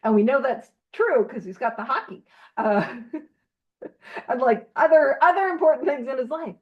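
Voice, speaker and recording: A woman leading a recovery study over a video call, animated and self-teasing, asking question after question. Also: high-pitched, moderate pace, highs cut off.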